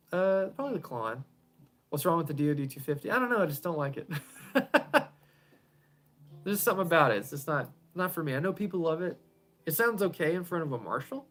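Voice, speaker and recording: An easygoing man chatting through a live stream from his home garage, answering questions one after another. He rambles, laughs a lot, and lets his sentences fade out softly. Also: fairly high pitch. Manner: rambling, chuckles often, trails off quietly. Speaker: pedal builder hosting a live stream. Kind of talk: casual live-stream chat answering viewers.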